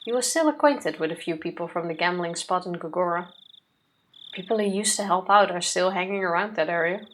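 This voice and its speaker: A woman co-hosting a let's play, reading the visual novel's text aloud in a steady, even way, with casual asides to her partner. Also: fairly low pitch, fairly quick, slight background noise. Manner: steady, even reading pace with occasional yawns.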